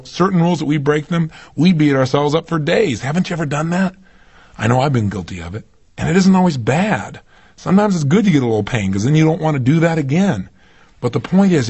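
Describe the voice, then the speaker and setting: A motivational speaker gives an emphatic seminar talk, frequently throwing rhetorical questions at his audience. His mid-range voice has a darkish tone and a breathy edge.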